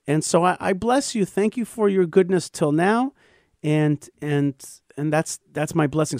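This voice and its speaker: A man's voice: a little high, darkish tone, no echo, clean studio sound. A man hosting a radio show, teaching scripture in an emphatic, explanatory way with frequent stammered restarts.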